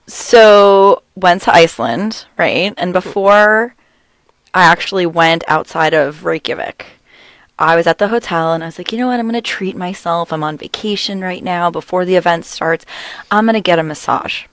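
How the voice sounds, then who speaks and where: A woman's voice: fairly low pitch, moderate pace, no room sound. Giggly storytelling woman, dry close sound. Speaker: podcast co-host. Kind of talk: casual chat.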